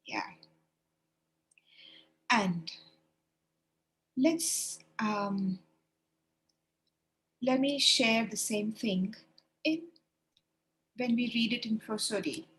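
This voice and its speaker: Slow-paced encouraging woman trainer. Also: a little high, a bit bright. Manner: encouraging, demonstrates read-alouds. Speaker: teacher trainer. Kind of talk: online training webinar. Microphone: video call.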